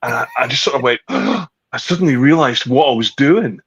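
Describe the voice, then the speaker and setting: A middle-aged Scottish man swapping stories on a podcast, sweary and animated in his telling. His voice comes through slightly dull and lo-fi, as if the recording lost its top end. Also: medium pitch, normal speed, breathy edge. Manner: swears freely, animated storyteller. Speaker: guest. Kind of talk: casual chat.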